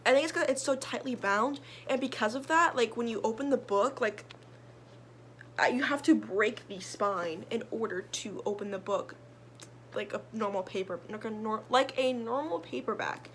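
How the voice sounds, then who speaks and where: A woman's voice: fairly high pitch, moderate pace, a bit bright, slight background noise. A young woman, a book vlogger, chatting casually about her reading list in a rambling way full of fillers and restarts. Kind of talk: casual chat.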